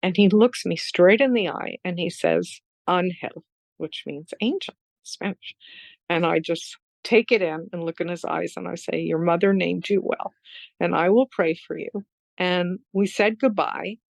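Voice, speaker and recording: A woman's voice: lowish voice, vocal fry, no room sound, low-quality recording. A middle-aged woman telling a heartfelt personal story as a podcast guest, earnest and emotional. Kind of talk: storytelling in a conversation.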